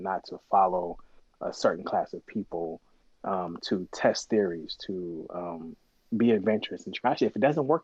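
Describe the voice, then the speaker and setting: A man's voice: fairly low pitch, slightly rough, dry recording, muffled recording. A man guest on a podcast, telling stories in a casual way, acting out the voices of the people in them and swearing freely. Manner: animated storyteller acting out quoted dialogue, swears freely. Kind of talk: casual storytelling interview.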